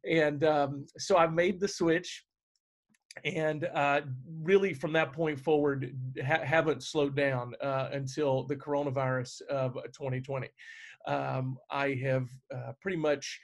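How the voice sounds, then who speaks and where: A man's voice: on the high side, level tone, unhurried. A middle-aged man, a stage manager, chatting casually on a video call, with lots of fillers and restarts. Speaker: guest stage manager answering questions.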